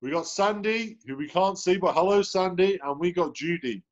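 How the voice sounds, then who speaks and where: A man's voice: sits high, normal speed. A man hosting a sales team video call, chatting cheerfully and greeting people one by one. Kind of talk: upbeat motivational team call. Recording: dull lo-fi video call audio.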